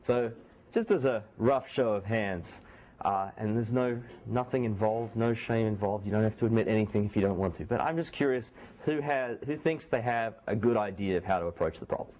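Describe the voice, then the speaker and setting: A man lecturing a university class in a small room, speaking quietly with a sore throat and making joking asides to his students. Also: lowish voice, normal speed. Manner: speaks softly, not loudly.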